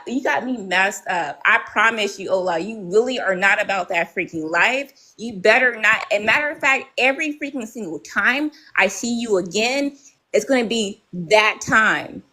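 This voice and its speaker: This woman is taking part in a heated live-stream argument, cursing, confrontational, and often tagging her claims with "right?". Her voice is medium-pitched and sharp, and the audio is poor.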